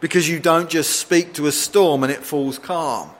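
Expressive male preacher, slightly high voice. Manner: expressive, rising pitch for dramatic quotes, slowing for emphasis. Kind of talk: sermon.

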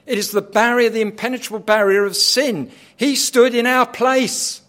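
A man with a high voice delivers a sermon. His delivery is dramatic, moving from quiet, hushed phrases to loud, forceful ones. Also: steady tone, moderate pace. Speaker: preacher.

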